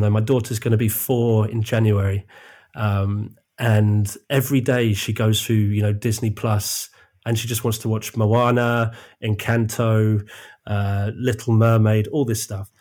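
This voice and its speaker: A man's voice: lowish voice, steady tone, measured pace, darkish tone. A man in his thirties hosting a podcast in casual chat, his voice nasal and stuffy from a cold, laughing easily as he talks. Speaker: podcast host.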